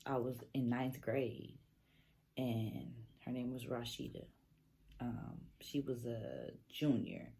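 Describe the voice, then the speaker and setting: A woman with a strikingly low, deep voice, talking straight to her camera in a relaxed storytime. She rambles and curses freely, drifting through fillers as she goes. She is a young adult from Northern California. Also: gravelly. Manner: laid-back, profane, rambling with fillers. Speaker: vlogger. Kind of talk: casual storytime.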